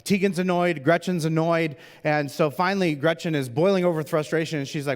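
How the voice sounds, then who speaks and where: A middle-aged male pastor giving a humorous sermon, chatty and self-deprecating, with plenty of "uh"s and "like"s. His voice sits a bit high for a man. A long reverb from the church auditorium trails after each phrase. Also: brisk.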